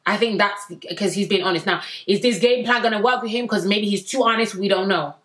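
A young woman reviewing a reality dating show in a chatty, slangy way, with sudden excited bursts. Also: mid-range voice, a little fast. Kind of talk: casual recap vlog.

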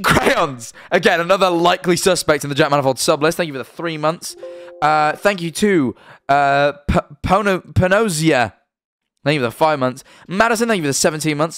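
British guy streaming, super animated voice, dry room, swears a bit. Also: on the high side, clear, resonant tone, no room sound. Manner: chatty and animated, swears, stumbles over names. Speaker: livestream host. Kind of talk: casual stream chat, reading out subscriber names.

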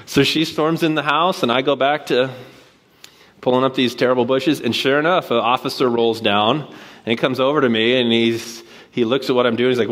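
A man preaching from a church stage in a relaxed, conversational way. His voice sits at a middle pitch, and he tells a neighborhood story before turning to his point. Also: a little fast. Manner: casual, storytelling, animated quoted voices. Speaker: guest preacher. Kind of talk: sermon with personal story.

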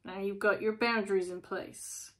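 A woman's voice: mid-range voice, steady tone, normal speed, a bit bright, slight background noise. A woman chatting through a casual tarot reading, asking lots of rhetorical questions. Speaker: tarot reader.

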